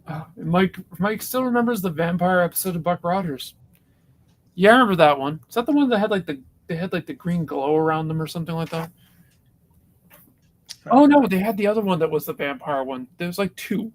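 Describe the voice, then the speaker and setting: A man co-hosting a live stream in casual chat, talking haltingly and restarting his sentences. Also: high voice, lively intonation. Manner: halting, with repeated starts.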